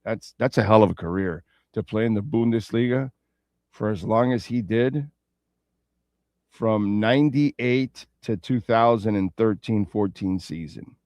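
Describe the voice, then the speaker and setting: A man's voice: lowish voice, a little slow, a little mellow, dry recording. Loose, rambling sports radio man. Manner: loose, rambling, playful asides; reads sponsor ads and betting lines. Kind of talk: casual sports talk radio.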